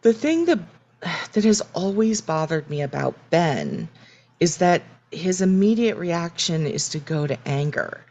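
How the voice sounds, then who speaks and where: A woman with a low, deep voice talking casually on a podcast. She swings her pitch widely, rising and dipping as she acts out what the characters say. She is thoughtful and often restarts her sentences. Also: big pitch swings, a little slow, a little mellow. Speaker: podcast co-host. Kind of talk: casual recap chat.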